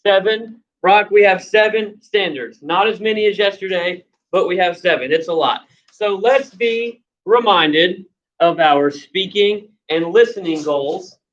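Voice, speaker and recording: A woman's voice: mid-range voice, a little slow, highs cut off, slight background noise. Patient woman teacher prompting young kids. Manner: patient, prompting, repeats questions. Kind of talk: classroom instruction to young children.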